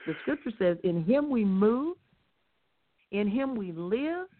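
A woman teaching on a religious talk show, emphatic and fond of rhetorical questions, with her stresses rising close to shouting. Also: mid-range voice, lively intonation, slow pace. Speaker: guest speaker. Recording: tinny phone line.

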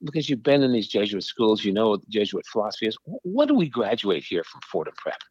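Kindly, firm old Jesuit priest, put on by an older male storyteller, a bit higher, patient. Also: big pitch swings, fast, husky, no echo, highs cut off. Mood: earnest. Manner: gentle, patient, persuasive.

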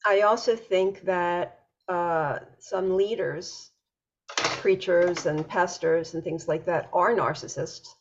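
A woman hosting an interview, asking measured, thoughtful questions. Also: on the low side, muffled recording. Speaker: podcast host. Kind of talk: interview conversation.

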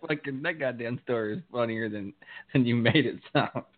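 A man's voice: medium pitch, moderate pace. A young man co-hosting a podcast, bantering crudely and laughing while he teases his co-host. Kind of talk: casual banter. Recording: tinny phone-like sound.

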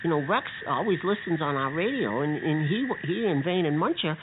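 A man's voice: on the high side, animated, a little fast, close to an everyday voice. A man playing Bucky, an earnest hero who stammers and gets exasperated, heard on a tinny, hissy radio recording. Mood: worried. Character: earnest, take-charge male hero Bucky.

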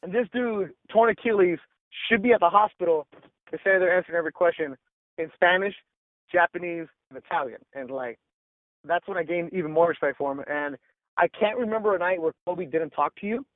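A male sports reporter telling stories in a casual interview, animated and full of "like" and "bro", acting out quotes. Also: high voice, a little fast, dry recording, narrow, tinny audio. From Los Angeles. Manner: animated, acts out quotes, says "like" and "bro" often.

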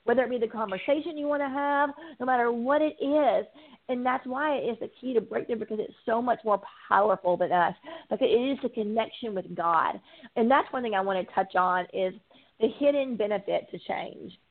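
A woman's voice: a little high, fairly quick. A woman speaking as a recovery coach in an earnest, preaching way, repeating phrases for emphasis. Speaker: guest, addiction recovery coach. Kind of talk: faith-based interview talk. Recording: tinny phone line.

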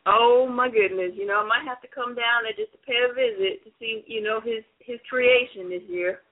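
A woman's voice: a little high, normal speed. A woman co-hosting an internet radio show in a playful, giggly way, laughing often between lines. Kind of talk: casual internet radio chat. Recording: tinny phone line.

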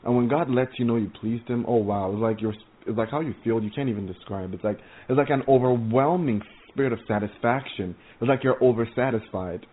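A man's voice: medium pitch, fairly quick, hardly any pauses. Guy preaching about his visions, stumbles over words a lot, sounds thin like over a phone. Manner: rambling, stammering restarts, earnest and excitable. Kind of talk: informal testimony sermon. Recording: tinny phone-like audio.

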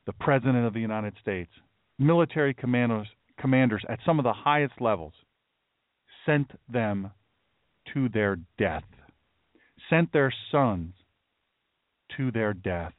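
A man's voice: mid-range voice, animated, a little slow, pauses often, no room sound. A man hosting a talk radio show, speaking in a solemn, emphatic way and repeating phrases for weight. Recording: dry, narrow phone-like sound.

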